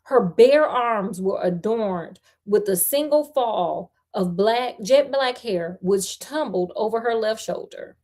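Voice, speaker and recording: Slow, chatty woman storyteller. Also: medium pitch, lively intonation, darkish tone. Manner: chatty, with playful slangy asides. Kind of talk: reading a ghost story aloud.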